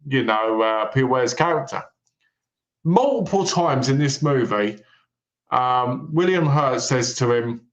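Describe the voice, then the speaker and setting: A man's voice: medium pitch, a little slow, highs cut off. Man with an echoey podcast sound. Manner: lively retelling of plots, acting out characters' lines. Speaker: podcast co-host. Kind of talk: casual film review chat. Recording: echoey room.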